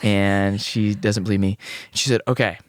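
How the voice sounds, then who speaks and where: A man's voice: on the low side, little pitch movement, moderate pace, no echo, clean studio sound. A young man from Des Moines, a singer-songwriter guest on a podcast, telling a rambling anecdote with quoted dialogue. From Des Moines, Iowa. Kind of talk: casual storytelling interview.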